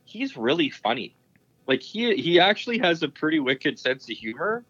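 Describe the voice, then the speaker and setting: With big pitch swings and a highish, slightly rough, somewhat bright voice, a curling broadcaster rambles enthusiastically through anecdotes during an interview, restarting often and using many fillers. He speaks at a moderate pace. There's no room sound, and the high frequencies are cut off.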